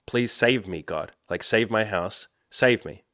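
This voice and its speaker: A man's voice: measured pace, a bit bright, dry recording, clean studio sound. A man voicing a devout man stranded in a flood who keeps pleading and insists his faith will save him. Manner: pleading, insistent, higher pitched.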